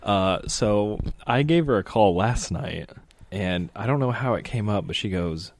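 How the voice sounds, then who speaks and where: A man speaks as a podcast guest in relaxed, teasing banter, chuckling often. His voice is very low, and the dry recording sits close to the mic. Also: unhurried, no room sound. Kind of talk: casual chat.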